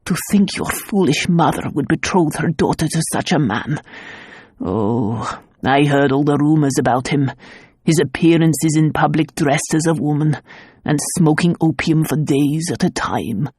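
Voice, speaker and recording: A woman voicing a gruff, protective middle-aged uncle in an audiobook, speaking gravely and bluntly. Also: measured pace, a little mellow, no room sound, studio quality. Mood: bitter. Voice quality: low, gravelly and husky. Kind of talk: audiobook character voice.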